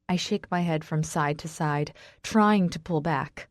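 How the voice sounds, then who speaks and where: Slow, low-voiced woman narrating a romance. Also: no echo, clean studio sound. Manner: emotional, builds to shouting in dialogue. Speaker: audiobook narrator. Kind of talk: first-person romance audiobook narration.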